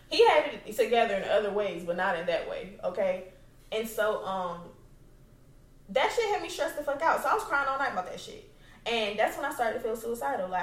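A woman's voice: mid-range voice, far from the mic. A young adult woman hosting a podcast, telling a personal story in a blunt, profane and emphatic way at home. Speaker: podcast host. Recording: roomy, away from the mic.

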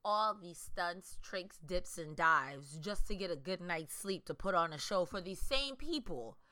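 A woman in her thirties chatting casually, animated and quick to laugh, swearing freely. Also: lowish voice, no room sound. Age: 30s. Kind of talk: casual podcast chat.

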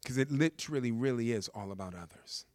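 A man's voice: medium pitch, lively intonation, fast, no echo. A man preaching a sermon, telling the story with humor and repeating words for emphasis.

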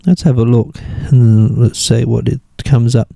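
A man's voice: medium pitch, fairly even intonation, measured pace, creaky, dark tone, no echo. A man with an Australian accent hosting a casual radio music show, rambling and thinking aloud as he looks things up between songs. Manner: rambling, thinks aloud while searching online. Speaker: radio host.

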